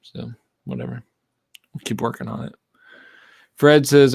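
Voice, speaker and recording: A man hosting a casual live-stream podcast, rambling and animated, with lots of fillers. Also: medium pitch, unhurried, gravelly, pauses often, no echo, clean studio sound. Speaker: podcast host.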